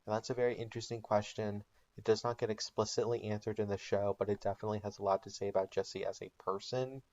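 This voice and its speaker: A man's voice: on the low side, flat delivery, fast, darkish tone, highs cut off. A man telling a comedic made-up recap of a TV show in a casual storytelling way with ums and likes. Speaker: channel host.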